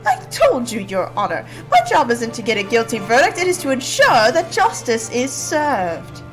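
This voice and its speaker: Haughty male bird prosecutor for a game, read by a woman; high, lively, condescending. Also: moderate pace, soft background music. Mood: insistent. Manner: smug and formal, lecturing. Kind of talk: reading game dialogue aloud.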